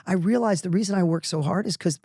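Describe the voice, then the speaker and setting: A middle-aged man telling a personal story as a podcast guest, energetic and emphatic, often restarting his sentences. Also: high voice, quick pace, no echo, studio quality.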